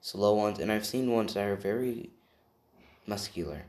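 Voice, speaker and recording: A man's voice: on the low side, expressive, normal speed, a little mellow, close to an everyday voice. A man voicing a matter-of-fact teen girl.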